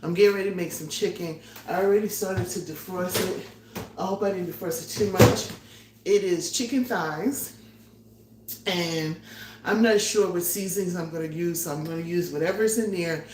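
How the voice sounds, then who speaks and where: A chatty, excitable middle-aged woman talks to her live chat while she gets ready to cook, a little out of breath and quick to laugh. Her voice sits on the low side for a woman. The sound is roomy and echoey, recorded from a tripod-mounted camera, with a faint hum underneath. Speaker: vlogger hosting a live cooking stream. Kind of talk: casual live-stream chat. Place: her home kitchen. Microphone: phone or camera on a tripod.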